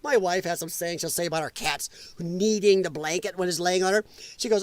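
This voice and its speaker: Hosting a casual political livestream, a man talks loosely and with profanity, laughing often as he responds to chat comments. His voice is high-pitched at normal speed, in a dry recording.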